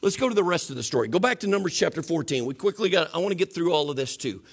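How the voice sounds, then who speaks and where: A man preaching a sermon as pastor in a church, animated and asking the congregation questions. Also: on the high side, rapid-fire, vocal fry, slightly rough.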